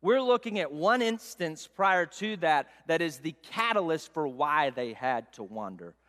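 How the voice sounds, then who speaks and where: A man preaching a sermon, telling a self-mocking story in an animated way. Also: fairly high pitch, unhurried. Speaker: pastor. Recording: long hall reverb.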